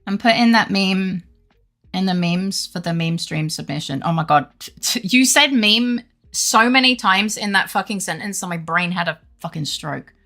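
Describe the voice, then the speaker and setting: A young woman streamer talks in a loose, rambling way, swearing freely as she answers her chat. Her voice is bright with a gravelly fry, and faint game music plays under her words. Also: mid-range voice, normal speed. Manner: rambling, chatty, swears freely, laughs often. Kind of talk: casual live-stream chat.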